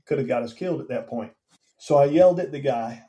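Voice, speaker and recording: A man in his fifties with a mellow, warm tone tells his story on a podcast. His pitch sits in an ordinary middle range for a man. He speaks conversationally and now and then acts out what people said. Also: fast, lo-fi sound. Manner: recounts events plainly, acting out quoted dialogue. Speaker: guest, veteran and former police officer.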